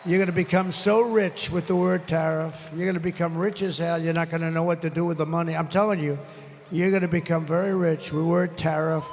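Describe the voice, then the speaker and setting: A man in his seventies speaks on a stage mic in a large venue, with a high, gravelly voice. He rambles off the cuff, boasting and grumbling about his surroundings. His voice rings with long reverb over a faint ambient murmur. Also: a little mellow, a little hiss or hum. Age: 70s. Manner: irritated, swearing and grumbling. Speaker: political rally speaker. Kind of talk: rally speech. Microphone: stage microphone over PA.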